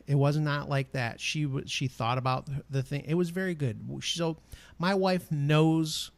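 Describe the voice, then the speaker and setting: A man's voice: a little high, fairly even intonation, moderate pace, vocal fry, no echo. A man co-hosting a podcast, chatting casually with friends and tossing out joking, opinionated asides. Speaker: podcast co-host. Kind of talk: casual chat.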